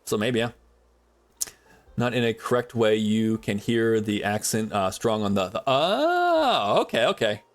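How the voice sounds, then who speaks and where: A man's voice: on the low side, level tone, moderate pace. A man streaming a survival game, chatting loosely with viewers and talking to items in the game, in a rambling, chatty way. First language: English is his only language. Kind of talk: casual gameplay commentary.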